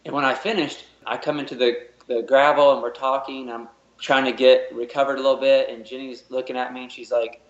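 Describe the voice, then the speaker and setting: A man's voice: medium pitch, flat delivery, fairly quick. Rambling man telling a story, echoey room. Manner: rambling, repeats words, uses lots of fillers. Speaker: podcast guest. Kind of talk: casual interview storytelling. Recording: roomy and dull, lo-fi.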